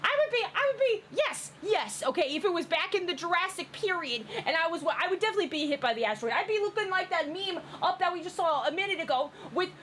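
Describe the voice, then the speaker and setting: A young woman, reacting to fan memes in giggly, rambling, animated commentary. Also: very high voice, quick pace, hardly any pauses, a little hiss or hum. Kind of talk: excited casual commentary.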